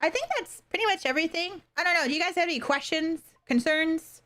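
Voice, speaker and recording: A young adult woman streamer chats casually with her livestream viewers in a very high-pitched voice. She's soft-spoken and halting, with lots of fillers and pauses.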